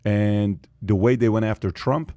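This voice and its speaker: A man hosting a podcast in casual chat, animated, who repeats his points for emphasis and acts out the voices of people he quotes. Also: fairly low pitch, a little slow, dry recording, clean studio sound. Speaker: podcast host.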